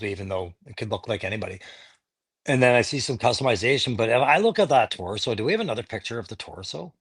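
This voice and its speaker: A man co-hosting a casual toy show podcast, talking in a chatty, animated way. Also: on the low side. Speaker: co-host.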